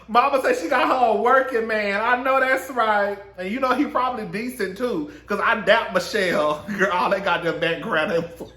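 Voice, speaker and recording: Sassy gossiping man, lively swooping voice. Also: high-pitched, roomy sound. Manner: sassy, swearing, laughing often, calls listeners girl and honey. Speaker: gossip commentator. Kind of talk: casual celebrity gossip monologue.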